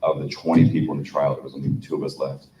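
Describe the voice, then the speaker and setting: Panel guest, man, very low voice, rambling delivery, heard off-mic in an echoey room. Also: little pitch movement, racing, dark tone, far from the mic, muffled recording, a little hiss or hum. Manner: rambling, many fillers and restarts. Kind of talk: casual storytelling on a convention panel.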